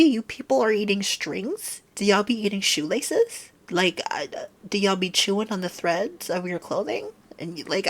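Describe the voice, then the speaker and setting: A woman vlogger ranting in a casual monologue, animated and exasperated, swearing freely. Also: mid-range voice.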